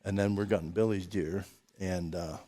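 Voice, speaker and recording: An older man hosts a podcast, spinning long anecdotes in a casual, chuckling way and acting out the voices of the people in them. His low-pitched voice is mellow, with fairly even intonation and a moderate pace.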